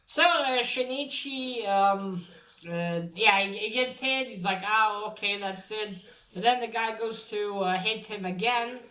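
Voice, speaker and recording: A woman casually recapping a manga volume's plot and then showing the book, in a halting, rambling way with many fillers and restarts. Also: mid-range voice, a bit bright. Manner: swears casually. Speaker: manga reviewer.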